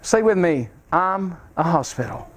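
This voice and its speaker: Inside a church sanctuary, a man with a slightly high, sing-song voice preaches a revival sermon at a measured pace. He's fervent and repetitive, repeating phrases and calling out to the congregation.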